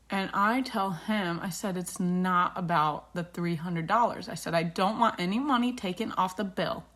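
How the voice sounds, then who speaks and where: A woman's voice: fairly low pitch, normal speed, hardly any pauses, fairly bright tone. A woman in her thirties, a beauty vlogger, chatting casually and retelling a dispute with indignation while doing her makeup.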